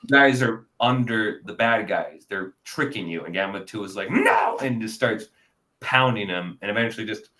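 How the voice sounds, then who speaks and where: A young man co-hosting a casual movie review chat, animated and bursting into loud character voices. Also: fairly low pitch, moderate pace. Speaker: podcast co-host.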